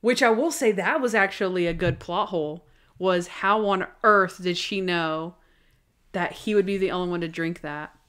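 A young woman co-hosting a podcast, chatting casually and excitedly about TV episodes, full of "like" and acting out bits of dialogue. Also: lowish voice, normal speed. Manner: chatty, full of "like", acts out characters' lines. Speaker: podcast co-host. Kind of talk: casual chat recapping TV episodes.

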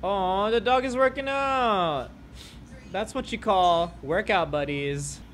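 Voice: mid-range voice, takes it slowly, a bit bright, slight background noise. A reaction video host at home, commentating casually on funny clips, laughing often and chatting to their own dogs.

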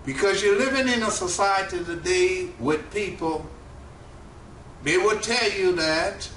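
Slow, emphatic preaching from a high-voiced man fills this sermon, his bright voice lifting and dropping with each point. He sounds set back from the mic in a reverberant room, with faint ambience and a little hiss or hum.

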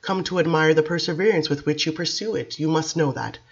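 A woman reading the lines of a grave, soft-spoken female vampire in a hushed, measured way. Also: low-pitched, breathy edge, muffled recording.

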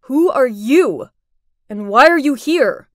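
A woman voicing a friendly, easygoing young male film director in an animated story, pitching her voice a little lower. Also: moderate pace, no echo, clean studio sound, lightly acted.

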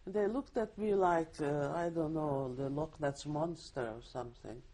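Older woman, husky. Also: sits low, dark tone. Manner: vivid storytelling with halting restarts. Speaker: Holocaust survivor giving testimony. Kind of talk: recorded oral history interview.

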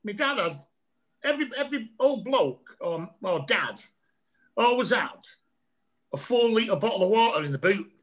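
A man's voice: sits high, expressive, normal speed, fairly bright tone. A middle-aged man, a comedian guest telling rambling anecdotes over a video call and laughing often. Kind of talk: casual storytelling chat over a video call.

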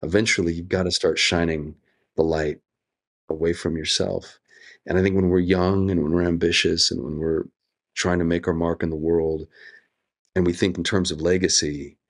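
A middle-aged man speaking as a guest in an interview, earnest and thoughtful, with lively quoted asides. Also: low-pitched, moderate pace. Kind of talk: reflective interview conversation.

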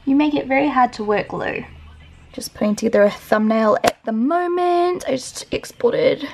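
Twenty-something New woman vlogging at home; chatty, filler-heavy, a bit high with vocal fry. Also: moderate pace, background noise. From New Zealand. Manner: chatty, lots of "like" fillers, talks to her dog. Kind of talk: casual daily vlog chat. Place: home, indoors.

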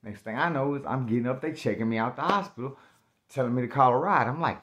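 A man with an ordinary middle-pitched voice tells his story in loose, slangy talk. He gets animated and acts out moments with sudden loud outbursts. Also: quick pace. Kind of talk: casual spoken storytelling.

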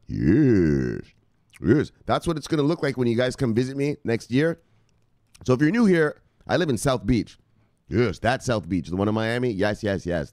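Hyped man hosting a lively crypto show. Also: medium pitch, no room sound, clean studio sound. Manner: hyped, shouting catchphrases, laughing, profane. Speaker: crypto news show host. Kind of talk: excited casual crypto commentary. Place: home near the beach.

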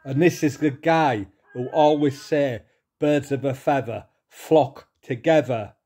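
Middle-aged man, angry vlog rant, slow, mellow tone, swears freely. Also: medium pitch, husky. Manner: heated, swearing, repetitive, pausing to calm himself. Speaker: vlogger.

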